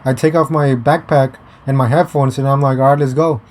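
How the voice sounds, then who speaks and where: A man's voice: mid-range voice, fairly even intonation, brisk, darkish tone. A young man telling a story in a casual, rambling way, with swearing and many fillers and restarts. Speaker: vlogger. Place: outdoors.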